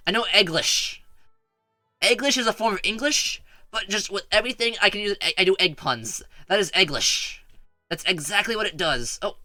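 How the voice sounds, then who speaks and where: A man's voice: high-pitched, sharp tone, no echo. A man streaming a strategy game, rambling and stuttering often as he chats with his viewers. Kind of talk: casual gameplay commentary.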